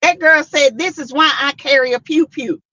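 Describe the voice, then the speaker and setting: A woman hosting a casual commentary stream, reading out chat comments and making her points with animated, repetitive emphasis. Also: high-pitched, moderate pace, no room sound. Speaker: host. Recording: dull lo-fi sound.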